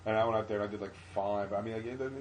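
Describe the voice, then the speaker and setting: A man's voice: on the low side, fairly even intonation, racing, slight background noise, rough recording. A man comedian telling loose, profane stories in a casual podcast chat. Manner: loose, rambling, profane storytelling. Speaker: guest comedian.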